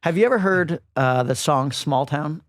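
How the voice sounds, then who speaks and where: A man's voice: on the high side, moderate pace, no echo, studio quality. A middle-aged man co-hosting a podcast, telling a story in casual chat and acting out the other people's lines as he goes. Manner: animated storyteller acting out quotes. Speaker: podcast co-host.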